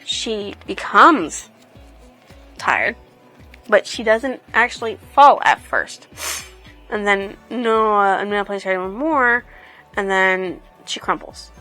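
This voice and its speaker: A woman's voice: mid-range voice, animated, slow, long pauses, bright, forceful tone, soft background music. A woman casually reviewing a book, retelling the plot in a rambling way. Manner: rambling, lots of "she's like".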